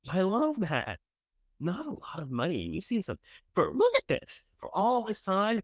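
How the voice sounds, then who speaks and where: A man hosting a show, casually commenting as he reads through candidates, chatty and sarcastic, with loud bursts of enthusiasm and mumbled asides. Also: high-pitched, huge pitch swings, a little slow, no room sound. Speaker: show host reviewing candidates.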